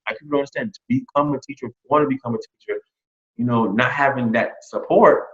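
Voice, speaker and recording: A man who was just hired as a teacher, telling a lively story in a casual interview and acting out what other people said. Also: mid-range voice, fast talker. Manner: animated, quotes others in lively re-enactments. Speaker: new teacher hire. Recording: dull lo-fi sound.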